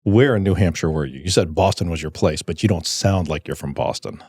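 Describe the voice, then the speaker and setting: A man's voice: deep voice, fairly quick, a little mellow, husky, no room sound, studio quality. A man co-hosting a podcast, asking curious, teasing questions in a casual chat. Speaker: podcast co-host. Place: podcast studio.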